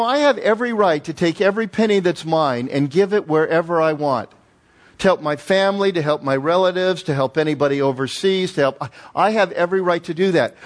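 Animated preacher with a high voice. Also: male voice. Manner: animated storytelling with emphatic repetition. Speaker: pastor. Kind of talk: sermon.

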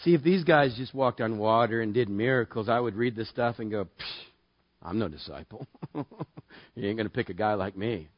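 A man preaching a sermon in a casual, joking way that builds to loud, emphatic passages. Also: medium pitch, quick pace, hardly any pauses, no echo, dull audio. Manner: conversational, jokey, rising to loud emphatic preaching. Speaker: pastor.

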